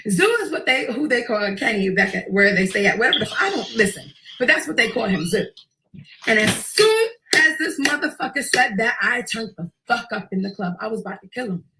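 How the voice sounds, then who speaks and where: A woman, telling a personal story in a profane, intense and animated way. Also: a little high, a little fast, background noise. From Queens, New York. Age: early 20s.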